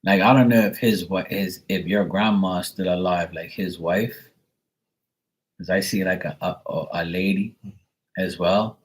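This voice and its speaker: Husky low-voiced guy doing a psychic reading, rambles a lot, says like constantly. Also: steady tone, unhurried, rough recording. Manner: rambling, filler-heavy, casual swearing. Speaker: psychic reader.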